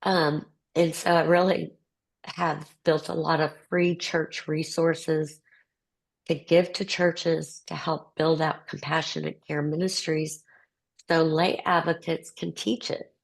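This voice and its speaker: A woman's voice: sits low, level tone, slow, creaky, low-quality recording. An older woman, a guest author on a video call, speaking in an earnest, tender, faith-filled way. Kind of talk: heartfelt conversational talk on a group call.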